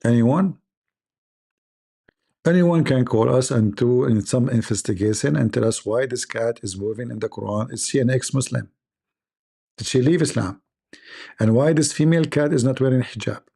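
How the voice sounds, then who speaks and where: A man hosting a live show who mocks a video in sarcastic, halting, full of fillers and repeats. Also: mid-range voice, vocal fry, mellow. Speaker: host. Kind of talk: mocking live commentary.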